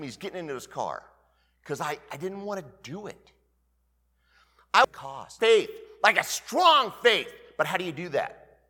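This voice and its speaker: A man in his fifties preaching as pastor, telling a personal story in an animated way that swings between loud bursts and hushed asides. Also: high voice, in a large hall. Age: 50s. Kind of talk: storytelling sermon.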